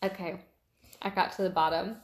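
A woman in her twenties co-hosts a casual podcast chat in an echoey room. Her voice is lowish with fairly even intonation and normal speed, and she is talkative and giggly, often trailing off mid-sentence.

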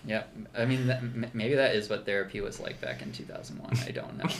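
A man's voice: on the low side, very animated, a little fast, crowd noise. A man co-hosting a podcast, chatting casually through a show recap, laughing often and restarting his sentences with lots of fillers. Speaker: podcast co-host.

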